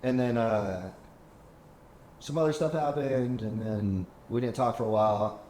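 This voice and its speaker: A male podcast host speaks at a measured pace in a warm, mid-range voice. He wanders through stories in a casual chat, impersonating the people he quotes. It's recorded in a penthouse apartment with echo and a faint hum.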